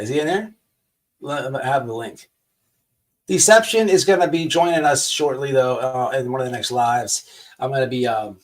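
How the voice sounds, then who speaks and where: A man hosting a casual livestream, rambling and swearing as he mocks people online, sometimes slipping into a mock sales pitch. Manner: rambling, profane, mocking. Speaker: livestream host.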